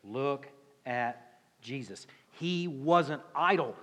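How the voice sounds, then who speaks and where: A man's voice: a little high, slow, a bit bright, long reverb tail. A man with a Southern US accent preaching a sermon as pastor, in a conversational, folksy way with many rhetorical questions. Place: church sanctuary.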